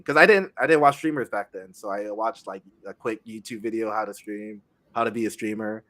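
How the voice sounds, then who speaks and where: A young man chatting casually as a guest on a streaming podcast, speaking haltingly with many pauses and restarts. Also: medium pitch. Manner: halting, many fillers and restarts, soft-spoken.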